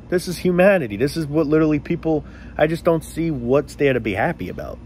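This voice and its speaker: A man's voice: on the high side, very animated, fairly quick, darkish tone, a little hiss or hum. A man ranting casually to the camera in a blunt, profane, sarcastic way.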